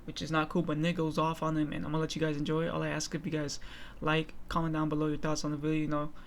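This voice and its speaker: A young man rushes through a casual channel intro, rambling with fillers in a flat, even tone. Faint noise hums under his voice. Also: fairly high pitch. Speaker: clip channel host.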